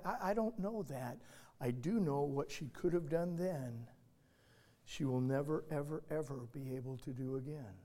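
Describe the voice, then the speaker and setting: High-pitched guy preaching, dramatic storytelling, gets loud then real quiet. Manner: dramatic, swings from loud urgency to hushed. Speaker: pastor. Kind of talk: sermon illustration storytelling.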